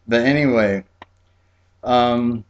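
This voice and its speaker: A man from Key West, Florida telling a childhood story in a relaxed, chatty way, with frequent fillers and laughs. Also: medium pitch, slow pace, highs cut off. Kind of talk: personal storytelling.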